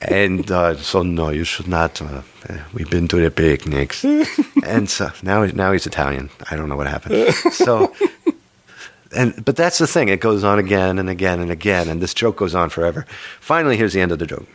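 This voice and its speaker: A man's voice: sits low, big pitch swings, a little fast. A man hosting a casual chat podcast, rambling and joking, amused by his own stories. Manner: rambling, jokey, self-amused. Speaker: podcast host.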